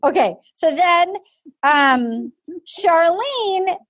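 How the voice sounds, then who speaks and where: A woman co-hosting a casual chat, retelling a story with animated energy. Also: extremely high pitch, extremely slow, no room sound. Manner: animated storytelling, acting out quotes. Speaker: podcast co-host.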